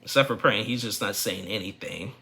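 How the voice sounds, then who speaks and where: Gravelly, chatty man recapping TV. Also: fairly low pitch, fairly quick, sharp tone. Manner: rambling, opinionated, with frequent restarts and laughs. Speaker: reality TV recap vlogger. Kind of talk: casual opinion recap.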